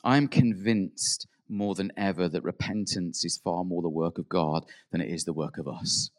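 A man preaching a sermon in an earnest way. He rises to emphatic peaks, then drops soft, and acts out quoted prayers. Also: low-pitched, normal speed.

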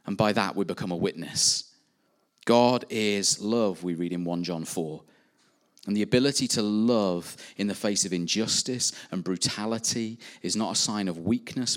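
A man's voice: low voice, fairly bright tone. A man preaching a sermon, earnestly rising and dropping in emphasis. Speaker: pastor.

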